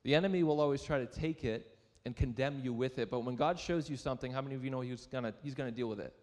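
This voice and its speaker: The speaker is a young adult pastor with a mid-range, slightly mellow voice and a quick pace. In a church sanctuary with big-room acoustics, he preaches conversationally, telling a story about himself with self-deprecating humor and questioning his listeners.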